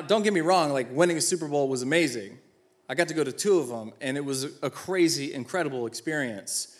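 A man in his thirties, a former football player giving an inspirational talk, telling personal stories with self-mocking humor and acting out the dialogue. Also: medium pitch.

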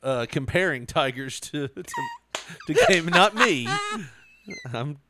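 A man's voice: medium pitch, lively intonation, unhurried, noisy background. A man telling a story in casual chat, laughing often and acting out quotes.

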